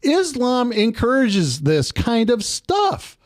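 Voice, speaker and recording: American guy on a political call-in show, high voice that jumps all over, keeps talking over the other guy. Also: slow pace. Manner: animated, argumentative, interrupts often. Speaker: co-host of a political talk show. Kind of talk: heated political debate.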